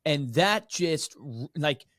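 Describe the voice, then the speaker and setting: A man's voice: on the high side, animated, takes it slowly, fairly bright tone, no room sound, studio quality. A man hosting a podcast, speaking in an enthusiastic, affirming conversational way. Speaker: podcast host. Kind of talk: conversational interview.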